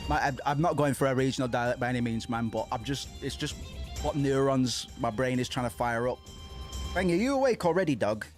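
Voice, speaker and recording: A man streaming himself playing a video game, chatting excitedly into a desk microphone, swearing and restarting his sentences. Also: mid-range voice, a little fast, faint music behind. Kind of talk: casual let's-play commentary.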